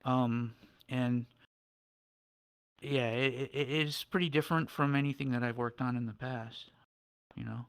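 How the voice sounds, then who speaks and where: A man's voice: mid-range voice, steady tone, measured pace, pauses often, clean tone, no echo. Rambling man talking about world design. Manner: rambling, repeats words, says "right?" often. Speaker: guest, VRChat world builder. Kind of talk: casual podcast chat.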